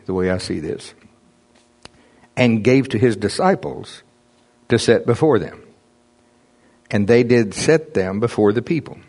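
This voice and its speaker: A man's voice: medium pitch, a little mellow. A man preaching a casual, conversational sermon, reading scripture and explaining it with frequent chuckles.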